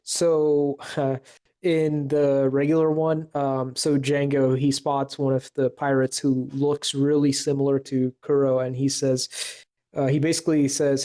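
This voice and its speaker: A man co-hosting a casual podcast chat, his voice warm and mellow. He talks hesitantly, circling back with fillers and restarts as he works through his point. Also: medium pitch, fairly even intonation, normal speed. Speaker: podcast co-host.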